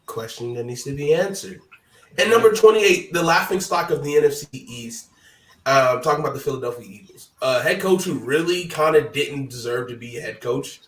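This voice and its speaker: A man hosting a casual sports talk stream, his voice hoarse, talking in a loose, hyped-up, chatty way. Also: mid-range voice, a little fast, fairly bright tone, echoey room, far from the mic, rough recording. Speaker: host.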